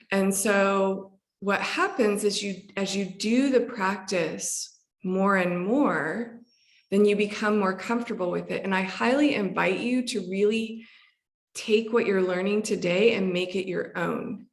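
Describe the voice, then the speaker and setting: A woman hypnotherapist explaining a calming practice in conversation, gentle and relaxed, with frequent fillers and restarts. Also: mid-range voice, takes it slowly, gravelly. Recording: echoey room.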